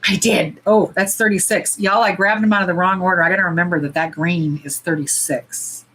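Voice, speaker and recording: A middle-aged woman with a fairly low voice chats casually on a livestream, blunt and quick to swear. She sometimes breaks into loud, high squeals. A faint hiss of background noise sits under her voice. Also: rough recording. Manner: blunt, profane and animated, jumping to loud squeals. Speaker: nail polish livestream host. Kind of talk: casual livestream chat while swatching.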